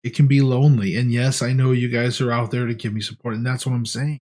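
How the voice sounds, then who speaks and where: Man, casual vlog, earnest, rambling, restarts a lot, middle pitch. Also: little pitch movement, fast, a little mellow. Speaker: vlogger.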